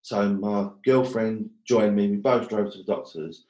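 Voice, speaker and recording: A man's voice: fairly low pitch, steady tone, a little slow, mellow, reverberant, highs cut off. A man telling his story as a guest, blunt and swearing often, joking about hard times. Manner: blunt, swears a lot, jokes about hardship. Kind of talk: casual storytelling.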